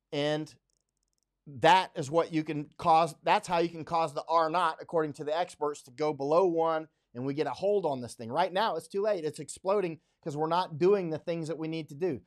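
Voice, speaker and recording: A middle-aged American man hosts a live stream of unscripted commentary, speaking bluntly and emphatically and often repeating himself to drive points home. His pitch is fairly high and his speed normal.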